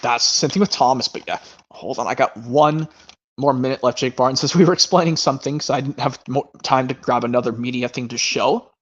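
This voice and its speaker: A man hosting a casual chat stream about his movie collection, talking in a rambling way with quick asides. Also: mid-range voice, fairly bright tone. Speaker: stream host. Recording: lo-fi stream audio.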